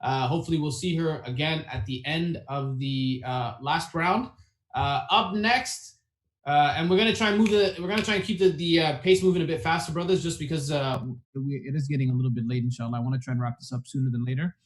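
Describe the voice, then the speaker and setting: A man's voice: a little high, fairly quick, a little hiss or hum. A man hosting a live online poetry event over a video call, joking with guests and sprinkling in Arabic phrases. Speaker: host.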